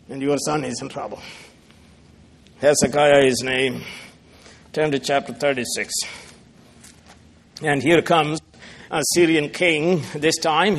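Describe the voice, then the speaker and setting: A middle-aged man preaching a sermon, swinging from loud, pointed rebuke to hushed, quiet asides. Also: on the high side. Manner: dramatic, swings from loud rebuke to soft murmurs.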